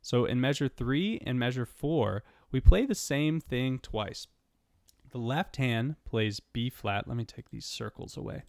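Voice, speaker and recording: A man's voice: mid-range voice, animated, a little slow, gravelly, no echo, studio quality. A man teaching a step-by-step piano lesson, patiently counting and naming notes aloud as he plays. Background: piano playing.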